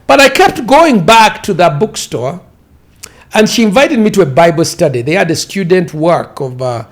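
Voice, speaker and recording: A Ugandan-accented man in his fifties with a high, light voice, speaking as a pastor. He tells his story in a loose, wandering way, circling back and repeating words to stress them. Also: big pitch swings, normal speed. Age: 50s. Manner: rambling, repeats words for emphasis. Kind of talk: storytelling in an interview.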